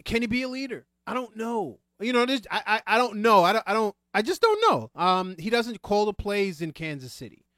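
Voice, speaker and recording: A man's voice: high-pitched, expressive, a little fast, hardly any pauses, fairly bright tone, no echo, clean studio sound. A man giving his opinions on a casual sports talk show, hesitant, with many ums and restarts. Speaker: podcast co-host.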